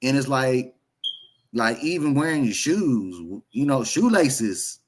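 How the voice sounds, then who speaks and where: A man who is a guest on a livestream, speaking haltingly and repeating words as he searches for what to say. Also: mid-range voice, expressive, slight background noise. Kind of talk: casual conversation.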